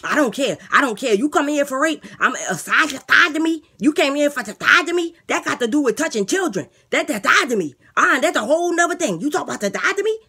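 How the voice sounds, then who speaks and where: Woman doing a male inmate blogger, delusional and boastful, lisp, loud insistent voice, raised pitch. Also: sing-song, quick pace, few pauses, full character voice. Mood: indignant. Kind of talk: comedy skit character voice.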